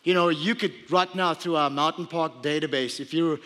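A man's voice: a little high, normal speed, pushed and bright. A pastor preaching a sermon to his church, urging listeners with repeated emphatic phrases. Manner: exhorting, repetitive emphasis. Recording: long hall reverb.

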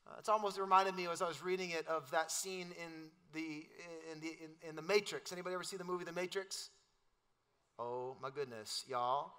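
A middle-aged pastor, preaching in a loose, joking, conversational way. His voice sits high for a man and rings bright and forceful. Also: steady tone, a little fast. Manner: casual, joking, storytelling with quoted voices. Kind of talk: sermon.

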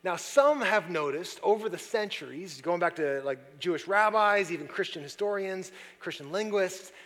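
Pastor, male, fairly high voice, chatty sermon delivery dropping to hushes and rising to loud bursts, long hall reverb. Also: normal speed. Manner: conversational, swings between soft hushed passages and loud excited ones.

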